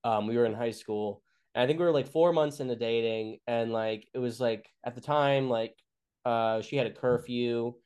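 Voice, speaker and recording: A young man tells a story in a loose, rambling way, with plenty of fillers and restarts. He swears freely and his voice sits at an ordinary middle pitch. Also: moderate pace, darkish tone, clear, resonant tone. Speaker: comedian guest. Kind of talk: casual storytelling chat.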